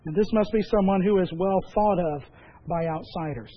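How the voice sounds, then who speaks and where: A man preaching as pastor, emphatic and measured, with repeated phrases. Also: high voice, lo-fi sound. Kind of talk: sermon.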